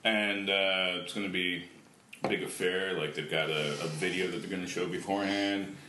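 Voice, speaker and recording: A man with a lowish voice co-hosts a casual podcast, relaxed and low-key as he shares a story. The room is roomy, with a faint noise floor. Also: moderate pace. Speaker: podcast co-host. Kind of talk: casual chat.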